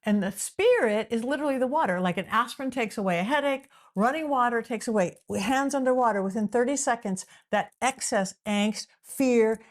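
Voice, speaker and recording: A middle-aged psychic medium from Southern California guests on a podcast, her slightly high voice moving briskly with few pauses. She explains in an animated, casual style, restarting her sentences often.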